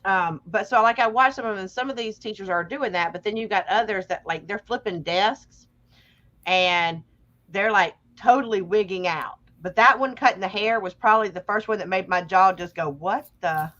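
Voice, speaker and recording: A woman's voice: medium pitch, normal speed, fairly bright tone, lo-fi sound. A woman co-hosting a live show, chatting candidly with plenty of fillers. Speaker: co-host. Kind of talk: casual chat.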